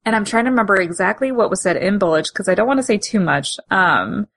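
A woman's voice: medium pitch, expressive, fast, vocal fry, a bit bright. A woman co-hosting a podcast, chatting casually about comics, laughing often and restarting her sentences. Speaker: podcast co-host.

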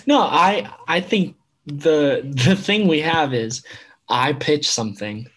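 A man's voice: on the high side, slow, a bit bright. A man co-hosting a podcast, chatting casually with a friend, teasing and often trailing off mid-thought. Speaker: podcast co-host. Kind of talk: casual chat.

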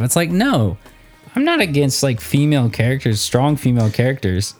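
A man's voice: medium pitch, big pitch swings, normal speed, darkish tone, faint music behind. A man co-hosting a podcast, chatting casually with exasperated, sarcastic remarks. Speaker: podcast co-host. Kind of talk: casual chat.

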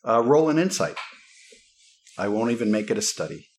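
A man's voice: mid-range voice, very animated, moderate pace, a little hiss or hum. A man running a tabletop game as game master, laid-back and laughing often.

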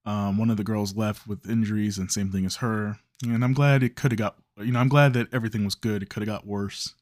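A man's voice: lowish voice, fairly even intonation, a little fast, darkish tone, no echo, clean studio sound. A man from Chicago, hosting a podcast, telling a long story in a loose, rambling way, correcting himself and swearing casually. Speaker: podcast host.

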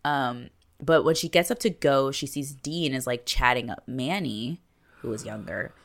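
A young woman co-hosting a podcast, casually recapping an episode and acting out the characters' lines with lively chatter. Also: very deep voice, normal speed. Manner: animated, acts out quotes from the show. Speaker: podcast co-host.

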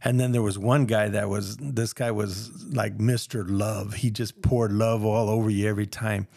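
A man's voice: fairly low pitch, fairly even intonation, normal speed, creaky, darkish tone, dry recording, studio quality. A man sharing his personal testimony in a casual, earnest, rambling way, acting out the voices of people he quotes.

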